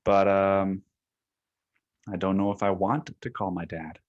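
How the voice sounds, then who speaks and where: A man's voice: deep voice, level tone, unhurried, a little mellow, no room sound, muffled recording. A man hosting a solo podcast, talking casually in a rambling, profane way full of fillers and restarts. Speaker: podcast host.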